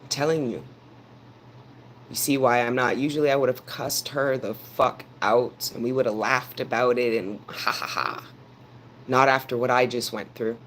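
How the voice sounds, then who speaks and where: A man's voice: mid-range voice, steady tone, normal speed, fairly bright tone, a little hiss or hum. A man giving a live tarot reading, talking earnestly and preachily straight to his viewers and repeating phrases for emphasis. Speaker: tarot reader.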